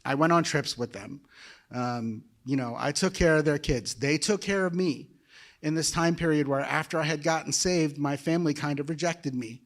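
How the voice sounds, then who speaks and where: Emotional guy preaching his testimony, kinda high voice, chatty. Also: normal speed. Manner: emotional, conversational storytelling. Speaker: guest preacher. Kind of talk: personal testimony sermon.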